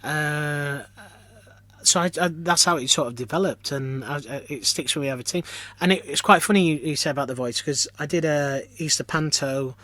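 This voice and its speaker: Here a pantomime performer from Lancashire, England, is a podcast guest, chatting casually and telling stories at his own expense with many restarts. His slightly high voice has a sharp tone and a normal speed.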